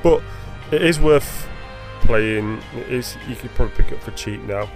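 A man's voice: medium pitch, normal speed, soft background music. A man chatting casually about video games, rambling and correcting himself as he goes. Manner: rambling, self-correcting, laughs often.

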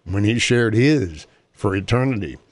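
A man's voice: fairly low pitch, lively intonation, measured pace, no room sound. A man hosting a talk show, reading a moving story aloud and then chatting earnestly about helping caregivers. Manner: earnest, conversational.

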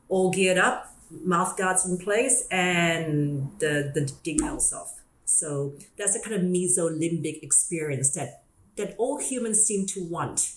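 Australian woman, lower voice, relaxed podcast host, echoey room, laughs easily. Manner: lively, laughs often, self-deprecating. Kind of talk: casual explanatory chat.

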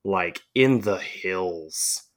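A man's voice: low voice, drawn-out words. A man from the southern United States, co-hosting a podcast and telling a long, profane, rambling story in casual chat. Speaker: podcast co-host.

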